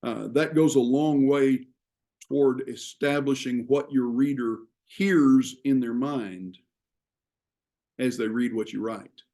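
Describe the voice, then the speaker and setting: A man teaching a class on writing, explaining ideas in a measured way with frequent pauses. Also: medium pitch, mellow. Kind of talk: classroom lecture.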